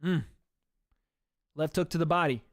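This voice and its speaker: Chatty guy streaming fight commentary, kinda high voice, dry close sound. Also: measured pace, dry recording. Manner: chatty, addresses viewers as guys. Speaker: livestream host. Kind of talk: casual play-by-play commentary.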